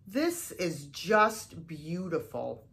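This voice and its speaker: Slow-talking older woman showing thrift finds. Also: on the low side, big pitch swings, gravelly, fairly bright tone. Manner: chatty, exclaims often, slow and drawn out. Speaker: thrift haul vlogger. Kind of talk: casual show-and-tell haul video.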